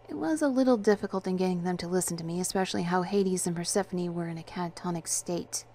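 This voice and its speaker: A woman narrating a story in the first person, in a measured, steady voice. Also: lowish voice. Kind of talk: storybook reading.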